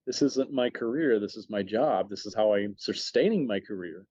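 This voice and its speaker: A man chatting as a podcast guest, telling stories animatedly with lots of quick restarts. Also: on the low side, darkish tone, no room sound. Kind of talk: casual chat, storytelling. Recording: dull dry sound.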